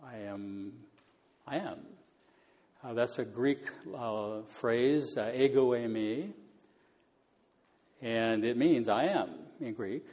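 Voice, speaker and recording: A man explaining Bible passages in a relaxed, conversational teaching style, with many fillers. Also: mid-range voice, takes it slowly, pauses often, long reverb tail. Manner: conversational, many fillers, paraphrases scripture casually.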